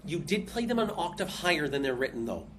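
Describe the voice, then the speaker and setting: A woman's voice: deep voice, big pitch swings, fairly quick, slight background noise. A woman teaching piano over a video call, patiently counting beats aloud and scatting rhythms. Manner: patient, encouraging. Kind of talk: online music lesson.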